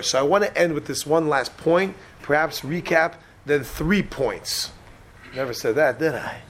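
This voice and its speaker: A man giving a humorous sermon full of stories, animated and talking straight to his listeners. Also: a little high, a little hiss or hum. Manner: animated, joking, talks to the audience.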